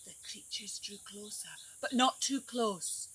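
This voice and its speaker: A woman teacher reading a picture book aloud to young children, animated and coaxing them to join in. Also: medium pitch, measured pace, a little hiss or hum. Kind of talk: storybook read-aloud for children. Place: outdoors at a tree house.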